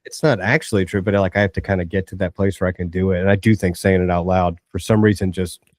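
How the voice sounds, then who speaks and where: A man's voice: deep voice, quick pace, dry recording, studio quality. Laid-back man telling a story. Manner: laid-back, quotes people in animated voices. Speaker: podcast co-host. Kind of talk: casual storytelling chat.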